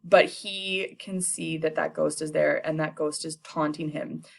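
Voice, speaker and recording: Retelling a play to students, a young female teacher keeps it chatty and full of slang, tossing off quick playful voices for the characters. She speaks low and creaky, with fairly even intonation.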